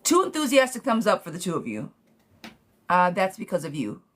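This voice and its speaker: A woman's voice: lowish voice, huge pitch swings, a little fast. A woman giving a live tarot reading, talking bluntly to viewers, swearing freely and calling them sweet pet names. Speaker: tarot reader.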